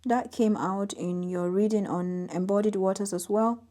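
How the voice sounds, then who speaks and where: A woman giving an intuitive tarot reading to camera, reading out card meanings in a soft, gently emphatic way. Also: mid-range voice, fairly even intonation, normal speed. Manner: soft-spoken, reads oracle card text aloud with gentle emphasis. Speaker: tarot reader.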